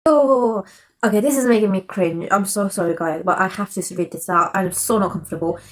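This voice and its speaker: Over poor audio, a young woman's mid-range voice comes through briskly as she chats casually with her viewers. This vlogger is giggly and apologetic, talking to camera and reading messages aloud.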